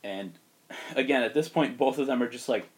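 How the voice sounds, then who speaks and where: A man's voice: medium pitch, a little fast. Man casually retelling a story. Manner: loose, animated retelling with laughs and fillers. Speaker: host pitching a movie story.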